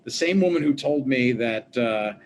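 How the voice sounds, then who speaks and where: A man, a former politician and law professor, recounting events as an interview guest in a lively storytelling manner, acting out the dialogue he quotes. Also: medium pitch, moderate pace, a little hiss or hum. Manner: animated, acts out quoted dialogue. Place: home office at a desk.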